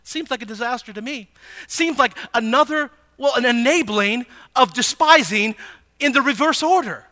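A man teaching a Bible passage in a sermon, animated and asking his listeners frequent rhetorical questions. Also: extremely high pitch, moderate pace.

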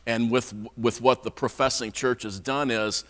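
A man's voice: mid-range voice, steady tone, normal speed, fairly bright tone. A man preaching a conversational sermon in a church, often repeating words as he restarts. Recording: long hall reverb.

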